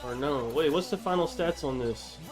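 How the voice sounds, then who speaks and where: Male streamer, raised pitch, loose and profane, reacting live over faint music. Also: moderate pace. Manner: excitable, profane, laughs often. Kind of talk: casual live-stream commentary.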